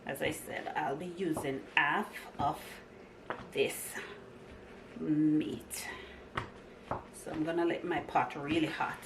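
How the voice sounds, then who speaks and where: A woman's voice: low voice, fairly even intonation, slow pace, pauses often, noisy background. A woman vlogging from her home kitchen, chatting cheerfully to her viewers as she walks through a cooking demonstration. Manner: chatty and upbeat, talks to viewers while cooking. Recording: echoey kitchen with clattering pots and dishes.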